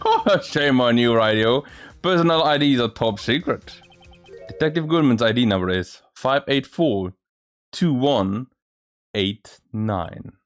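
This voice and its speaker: A man's voice: mid-range voice, lively intonation, takes it slowly. A man reading a courtroom game aloud and doing every character's voice himself, sometimes stumbling over words. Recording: faint music behind.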